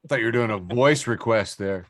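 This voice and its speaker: A man's voice: fairly low pitch, a little fast, a bit bright. A man hosting a podcast in casual chat, joking, laughing and reading out social media posts. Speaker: podcast host.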